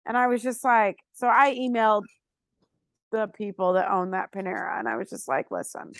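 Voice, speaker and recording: A woman's voice: mid-range voice, moderate pace, gravelly, no echo. A woman in her thirties from Florida, a podcast co-host telling a story in casual chat, swearing freely and acting out the people she quotes. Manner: animated, profane, acts out quotes.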